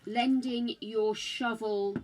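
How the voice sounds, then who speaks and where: An older woman from the UK chats on her game livestream, calling her viewers darling and dearie, in a British accent that shifts between regional accents. Her voice is a little high and steady, and she takes it slowly. The background is noisy.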